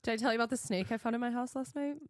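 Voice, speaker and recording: A woman in her thirties co-hosting a podcast, telling a story in casual chat, animated and laughing often as she acts out what she said. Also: a little high, rapid-fire, dry recording, studio quality. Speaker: podcast co-host.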